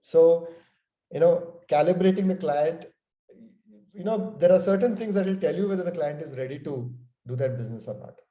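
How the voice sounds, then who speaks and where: A man's voice: a little high, normal speed, mellow, dull audio. A man leading an online sales training workshop, talking conversationally over a video call. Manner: conversational, frequent "okay" and "you know". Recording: echoey room.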